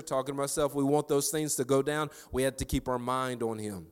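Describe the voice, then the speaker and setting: A man's voice: mid-range voice, brisk, few pauses, smooth. Man preaching with long echo. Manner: conversational, animated storytelling building to preaching fervor. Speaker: devotional speaker. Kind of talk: devotional storytelling sermon.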